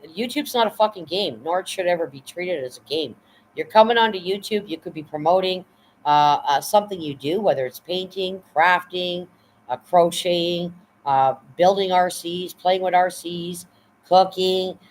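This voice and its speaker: A woman's voice: on the low side, moderate pace, a little hiss or hum, rough recording. Blunt, profane woman live-streaming. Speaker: livestream host. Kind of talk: casual live-stream chat.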